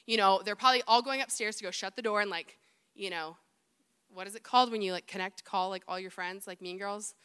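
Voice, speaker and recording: A young adult woman, an assistant youth pastor, preaching a sermon in a chatty, animated way full of personal stories and self-mocking asides. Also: medium pitch, a little fast, clean tone.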